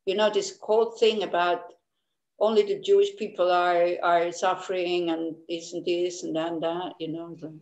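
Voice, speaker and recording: A woman's voice: lowish voice, little pitch movement, moderate pace, a little mellow, muffled recording. A woman Buddhist teacher giving a casual dharma talk, candid and laughing often, with frequent restarts. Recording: echoey room.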